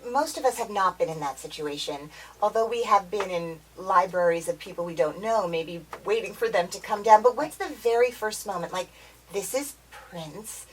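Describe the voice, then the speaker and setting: A woman's voice: medium pitch, normal speed. A woman interviewing a guest in casual chat, asking questions with playful, jokey asides. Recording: distant mic with faint noise.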